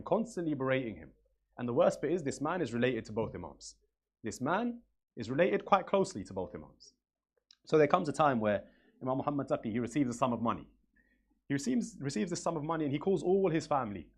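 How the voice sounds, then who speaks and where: A man's voice: mid-range voice, breathy edge. A man preaching from the pulpit, telling stories and repeating phrases for emphasis in an earnest way. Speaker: religious speaker. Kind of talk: sermon storytelling.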